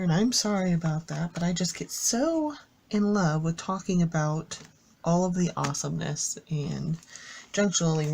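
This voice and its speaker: A slightly low-pitched woman chatting through a craft walkthrough, gushing and rambling with plenty of fillers. She is recorded on a camera mic with a faint hiss in the background. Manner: chatty, enthusiastic, rambling with fillers and self-corrections. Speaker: craft YouTuber. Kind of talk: casual show-and-tell craft walkthrough.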